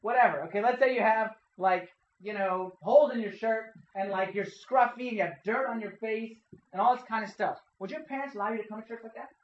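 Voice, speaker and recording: A youth preacher with a high voice talks a little fast, giving a casual sermon to young people in a church hall. He keeps it conversational, quizzing the audience and checking in with "okay?" again and again. The audio is dull, with slight background noise.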